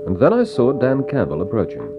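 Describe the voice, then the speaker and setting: An actor playing a thoughtful investigator who narrates in a measured, reflective way, in vintage radio drama style. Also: male voice, mid-range voice, wildly swooping pitch. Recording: dull lo-fi old radio recording with faint music.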